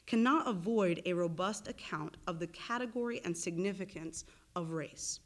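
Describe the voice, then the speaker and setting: A woman with a slightly low voice delivers a formal university lecture, reading from a prepared academic text. She speaks in a measured, deliberate way and now and then stops to correct herself. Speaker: visiting lecturer and research associate.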